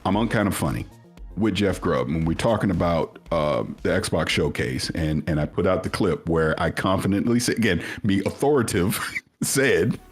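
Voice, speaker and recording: A man telling a long personal story in casual chat, animated, acting out what others said. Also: moderate pace, slightly rough, faint music behind. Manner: animated storyteller, acts out quoted voices at much higher pitch. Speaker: podcast guest.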